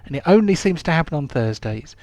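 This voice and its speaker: Rambling game master, gravelly voice. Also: male voice, a little high, very animated, a little mellow, no echo. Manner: chatty and rambling, quick to go off on tangents. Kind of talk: casual chat between players. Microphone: camera microphone.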